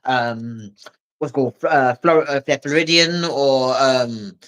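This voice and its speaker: A woman from England, a comedian guest on a podcast, telling stories in lively casual chat and acting out what people said to her. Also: very deep voice, measured pace. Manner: animated storyteller who acts out quoted voices and laughs often.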